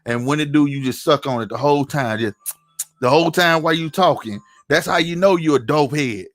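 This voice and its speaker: A man's voice: a little high, brisk, fairly bright tone, no echo. A man giving a heated commentary rant, angry and profane, often tossing in "you know what I'm saying". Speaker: online commentator.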